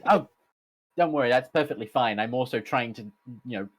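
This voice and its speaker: A man's voice: medium pitch, brisk. A man playing a tabletop game, chatting casually and explaining his character's rules. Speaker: player.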